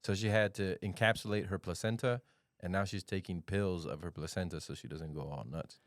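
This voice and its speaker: A man's voice: sits low, fairly even intonation, a little fast, no room sound. A father chatting casually on a podcast in an easygoing way with dry humor.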